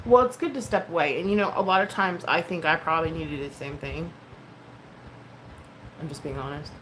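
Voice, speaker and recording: A woman's voice: deep voice, a little fast. A woman in her thirties chatting casually on a livestream, candid and emotional, swearing freely and full of likes and ums. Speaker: livestream host. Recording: noticeable background noise.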